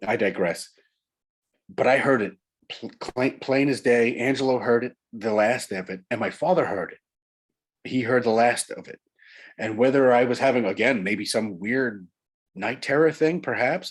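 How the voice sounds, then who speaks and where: Husky-voiced man telling a ghost story. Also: lowish voice. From Long Island, New York. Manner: intense, builds up suspense with repetition. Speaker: author and guest.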